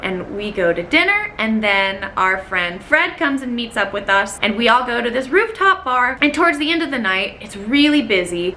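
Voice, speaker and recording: A woman vlogger telling a personal story in an animated, dramatic way, acting out what people said. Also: fairly high pitch, slight background noise. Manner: animated, dramatic, acts out quotes. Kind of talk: storytelling vlog.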